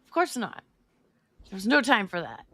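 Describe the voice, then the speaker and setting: A woman's voice: mid-range voice, huge pitch swings, moderate pace, fairly bright tone, no echo. A woman co-hosting a podcast, playful and teasing in casual banter. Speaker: podcast co-host.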